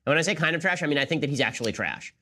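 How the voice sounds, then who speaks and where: A man hosting a commentary show, firing off his points at a very quick clip. His voice sits a bit high for a man, and his tone is sarcastic and incredulous. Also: expressive, bright, forceful tone. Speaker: political commentary show host. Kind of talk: rapid-fire commentary.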